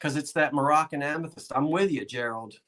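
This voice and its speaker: A man with a Delaware Valley South Jersey accent hosts a live online sale. His voice sits a bit high, and he talks in a chatty, joking, rambling patter. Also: a little fast, sharp tone. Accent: Delaware Valley (South Jersey/Philadelphia). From South Jersey, USA.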